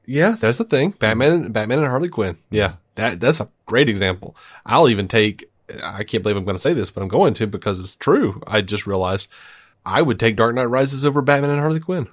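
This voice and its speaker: A man's voice: medium pitch, expressive, brisk. A man hosting a podcast in casual chat, laughing often and restarting his sentences. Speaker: podcast host.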